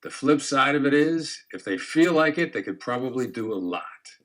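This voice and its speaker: A mid-pitched man teaching negotiation in a calm, measured way. He explains step by step and stops now and then to act out an inflection. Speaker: negotiation instructor. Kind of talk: instructional talk to camera.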